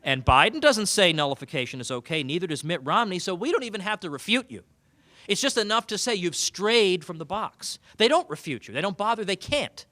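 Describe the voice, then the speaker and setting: A man giving a humorous keynote speech at a banquet, animated and sarcastic, mock-quoting his opponents. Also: high-pitched, a little fast, no echo. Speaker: keynote speaker. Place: banquet hall.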